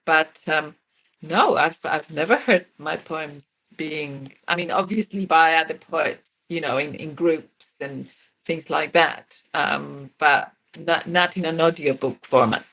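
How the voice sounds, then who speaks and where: A woman poet from Mexico answering interview questions in a thoughtful, soft-spoken way with hesitant fillers. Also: deep voice, takes it slowly, gravelly. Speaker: author and poet. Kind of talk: casual interview conversation.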